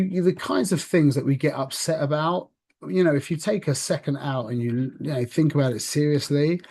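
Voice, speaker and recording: A man with a slightly high voice gives an informal spiritual talk to listeners. He speaks conversationally, restarting his sentences and checking in with a quick "yeah?" as he goes. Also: darkish tone. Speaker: religious speaker.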